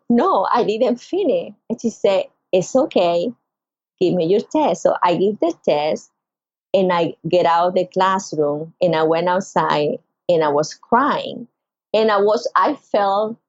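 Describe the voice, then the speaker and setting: Guesting on a podcast, a middle-aged woman from Venezuela, speaking with a Venezuelan Spanish accent, shares a moving personal story and performs quoted voices with large leaps in pitch. The audio has no echo, but the highs are cut off.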